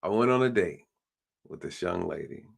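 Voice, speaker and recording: A man's voice: low voice, lively intonation, normal speed, creaky. A man hosting a live stream, talking bluntly in a ranting way and mimicking the people he quotes. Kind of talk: casual opinion talk.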